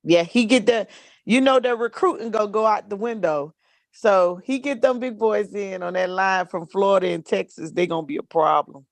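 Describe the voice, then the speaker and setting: A woman's voice: medium pitch, moderate pace, no room sound. A woman in a casual video call chat, talking in a chatty way and laughing easily.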